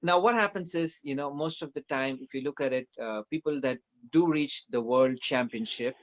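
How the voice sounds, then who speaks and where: A man hosts a webinar over a video call. He reads out questions from viewers in a hesitant way, full of fillers. His voice sits at an ordinary middle pitch. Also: moderate pace. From Philippines. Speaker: webinar host.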